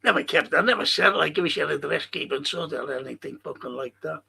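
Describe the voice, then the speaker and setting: Older Scouse man hosting a fan podcast live. Rambling, swears a lot, voice sits slightly high. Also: fairly quick, gravelly, pushed and bright, slight background noise. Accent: Liverpool (Scouse). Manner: rambling, swears freely, reads out chat comments. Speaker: podcast host. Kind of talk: casual live-stream chat.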